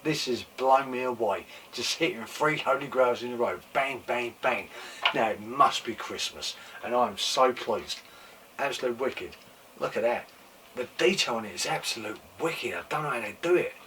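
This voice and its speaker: An excitable man hosting a casual toy collecting show, with a voice that is wearing thin and going slightly hoarse. He gushes and repeats his exclamations, swearing now and then. He sits a little back from the microphone, with faint room noise behind him. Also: mid-range voice, normal speed, recorded from a distance. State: losing his voice. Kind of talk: casual show-and-tell chat.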